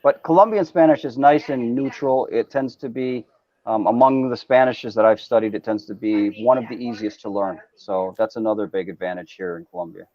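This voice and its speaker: A man from Vermont, a guest on a casual livestream chat, speaking in a quick, friendly way over a remote connection. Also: medium pitch. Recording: dry, dull remote line.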